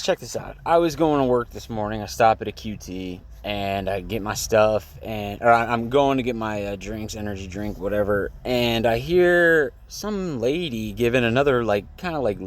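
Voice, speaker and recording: A man's voice: on the low side, moderate pace, hardly any pauses. A young man telling a story in a casual vlog, rambling and heated, with lots of fillers and swearing. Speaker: vlogger. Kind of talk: casual venting vlog to camera.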